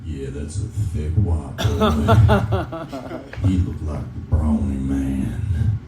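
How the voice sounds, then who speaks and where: A man doing a creepy southern man with a slow, leering drawl, heard in a roomy club from a distance. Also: rumbling low, wildly swooping pitch, over a noisy crowd, voice pushed down, exaggerated voice. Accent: American Southern.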